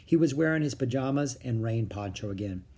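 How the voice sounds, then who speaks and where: A reader narrating a children's chapter book aloud in a calm, steady storytelling manner. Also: medium pitch, brisk, husky.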